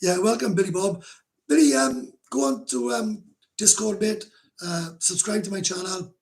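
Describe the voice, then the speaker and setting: A middle-aged Welsh man with a gravelly voice, pitched a bit high for a man. He hosts a casual livestream and chats with viewers in a blunt, rambling way. He swears freely and laughs often. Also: moderate pace, a little mellow. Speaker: livestream host. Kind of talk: casual livestream chat, reading comments.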